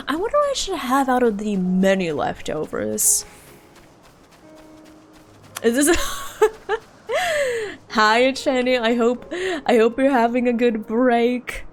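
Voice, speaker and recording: A woman live-streams a game, giggly and playful as she chats with viewers and drills how to pronounce words. Her voice is on the high side and expressive, and she takes it slowly with frequent pauses, over a slight hiss or hum.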